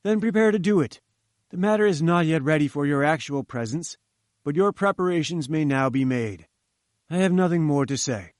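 A man's voice: on the high side, animated, normal speed, dry recording, clean studio sound, close to an everyday voice. A man playing an imperious old scientist. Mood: curt. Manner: imperious, curt, forceful. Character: domineering, irascible older male scientist.

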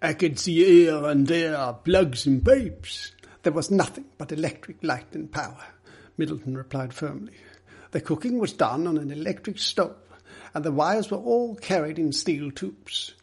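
A man voicing an earnest English gentleman who speaks firmly and deliberately. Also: fairly high pitch, expressive, slightly rough, pitched above the performer's own voice, heavily acted. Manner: firm, deliberate.

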